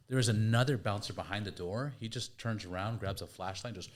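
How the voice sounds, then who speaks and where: A man with a very deep voice, the host of a podcast, tells a story in a relaxed, lively way. He acts out the voices and sounds in it. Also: brisk. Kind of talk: casual storytelling.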